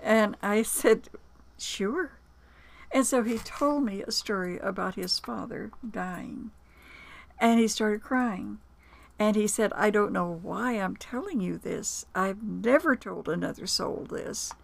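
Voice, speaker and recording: A woman's voice: medium pitch, takes it slowly, gravelly. A woman being interviewed as an author and producer, telling personal stories in a reflective way with small hesitations and quoted dialogue. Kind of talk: conversational storytelling.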